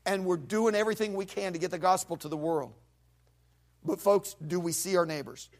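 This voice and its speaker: A man's voice: sits high, fairly quick. A male pastor preaching a sermon, retelling a Bible story with vivid acted voices and sound effects.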